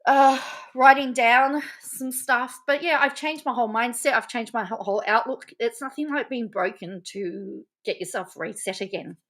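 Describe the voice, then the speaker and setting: A woman's voice: fairly high pitch, fairly bright tone. A middle-aged woman talking casually on a live stream, emotional, laughing often and repeating herself. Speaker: vlogger.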